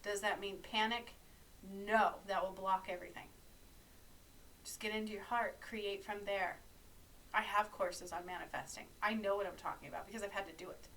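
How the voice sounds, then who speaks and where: A woman's voice: mid-range voice, steady tone, normal speed, fairly bright tone, far from the mic, slight background noise, rough recording. A woman delivering an urgent, preachy spiritual monologue as a healer speaking to her followers. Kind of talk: monologue to camera.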